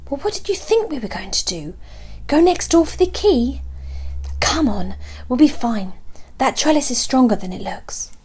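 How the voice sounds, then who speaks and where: A woman reading a storybook, voicing a determined young woman in an urgent hushed whisper. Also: sits high, sing-song, moderate pace, husky, pitched above the performer's own voice, exaggerated voice.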